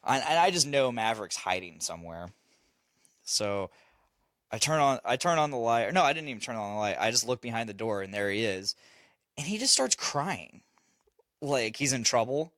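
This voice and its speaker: Man, podcast host, dad, bright tense voice, lively pitch, swears, laughs. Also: moderate pace, no echo. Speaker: father. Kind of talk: casual podcast chat.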